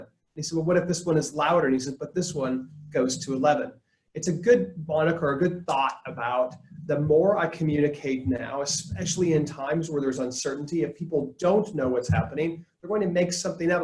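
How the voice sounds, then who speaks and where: Man presenting a webinar in an echoey room. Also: a little high. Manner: conversational, jokey asides to the chat. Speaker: leadership trainer. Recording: roomy echo.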